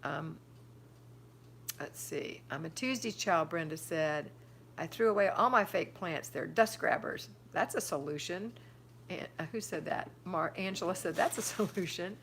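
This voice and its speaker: A woman's voice: on the low side, measured pace, vocal fry, a bit bright, slight background noise. An older woman hosting a live stream, chatting casually, reading out viewer comments and giving firm homemaking advice. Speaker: livestream host answering viewer chat.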